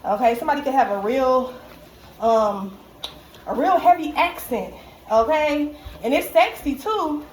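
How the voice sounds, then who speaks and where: A woman giving a casual tarot reading, slangy and profane, who keeps checking in with "okay?" and laughs often. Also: a little high. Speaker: tarot reader. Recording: echoey room with faint background noise.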